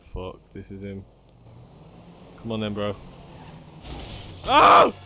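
A man with doing excitable gameplay commentary, yelling and cursing at other players. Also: fairly low pitch, a little slow, heavy background noise. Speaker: gaming YouTuber. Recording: game music playing underneath.

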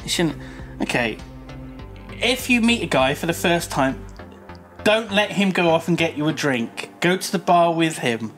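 A man's voice: a little high, expressive, a little slow, faint music behind. Playful man reading a game. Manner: playful, jokey, slips into hushed mock-ASMR narration. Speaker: let's play host. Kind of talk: reading a story game aloud with commentary.

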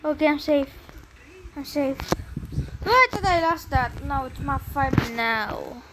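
A young woman narrates her gameplay in a high, unhurried voice, chatty and easily flustered as she talks to herself. Steady noise sits behind her on a home recording. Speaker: game streamer. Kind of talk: casual gameplay commentary.

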